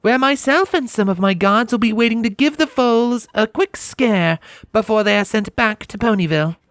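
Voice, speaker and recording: A man's voice: sits high, normal speed, a bit bright, no room sound, clean studio sound, pitched above the performer's own voice. A man reading a fanfiction audiobook, voicing a regal female pony princess of the night who speaks in a stately, archaic way. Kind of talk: audiobook character voice.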